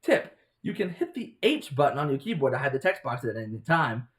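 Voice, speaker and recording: A man hosting a let's play, commenting on a visual novel in a playful, joking way. His pitch is animated and moves a lot as he talks. He sounds relaxed and amused. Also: a little fast. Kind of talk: casual gameplay commentary and reading aloud.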